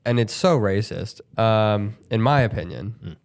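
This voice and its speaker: Low, smooth-voiced young man chatting. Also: lively intonation, a little slow. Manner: loose, swearing, rambling storyteller. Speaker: podcast co-host. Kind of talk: casual comedic chat.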